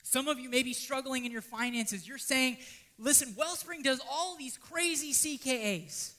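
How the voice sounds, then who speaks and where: High, bright-voiced man preaching. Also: moderate pace. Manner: dramatic swings from loud pleading to hushed near-whispers. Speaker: pastor. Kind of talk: sermon.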